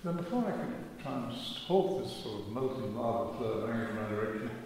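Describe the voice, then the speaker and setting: A man's voice: mid-range voice, fairly even intonation, a little mellow, slight background noise. Older man telling a story in an echoey church. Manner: wry, self-mocking, measured. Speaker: speaker giving a testimony talk. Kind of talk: storytelling talk.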